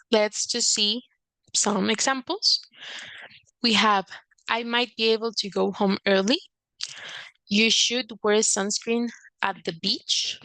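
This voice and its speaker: A woman's voice: bright, forceful tone, no echo, poor audio. A woman teaching an English grammar lesson, explaining patiently and acting out short example lines with a lifted voice. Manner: patient, acts out quoted examples with lifted pitch.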